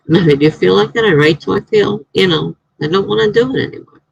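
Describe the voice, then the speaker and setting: A woman's voice: mid-range voice, gravelly, breathy edge, no echo, lo-fi sound. A woman, a writer, hosting a casual live stream from home, chatting in a rambling way and laughing often.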